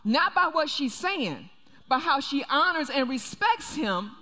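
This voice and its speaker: A woman's voice: high voice, big pitch swings, unhurried, sharp tone. Woman pastor preaching hard, says things twice, big echoey church sound. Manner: emphatic, repeats key phrases. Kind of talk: sermon. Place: church sanctuary.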